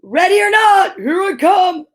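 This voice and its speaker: A woman's voice: high-pitched, takes it slowly. A woman voicing a hungry, menacing big bad wolf in a storybook reading, growling her lines.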